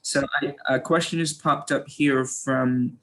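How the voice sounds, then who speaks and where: A man's voice: mid-range voice, fairly even intonation, a little slow, a bit bright. A man hosting a webinar, polite and hesitant, with many fillers. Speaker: webinar host. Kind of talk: moderating a webinar.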